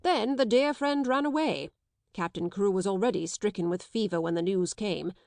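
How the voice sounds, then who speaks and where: A woman's voice: mid-range voice, moderate pace, gravelly, a little mellow, no room sound, close to an everyday voice. A woman reading an audiobook, voicing a dry, brusque middle-aged male solicitor with a clipped, disapproving manner.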